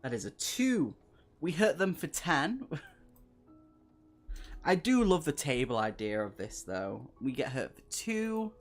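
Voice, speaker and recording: A man with a rather high voice streams a gamebook playthrough, reading aloud and chatting with viewers while laughing often. He speaks slowly with big pitch swings and long pauses, over soft background music.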